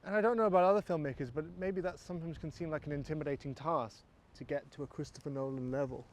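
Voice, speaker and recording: A man's voice: a little high, fast talker. An English man with a posh accent, a filmmaker musing in a rambling, self-mocking vlog monologue recorded outdoors. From England. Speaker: filmmaker, vlogger.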